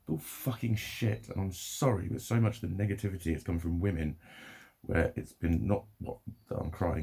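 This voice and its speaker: A man's voice: deep voice, fairly even intonation, moderate pace, vocal fry, warm tone, husky. A young man ranting to camera in a sweary, rambling, heated way. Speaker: vlogger.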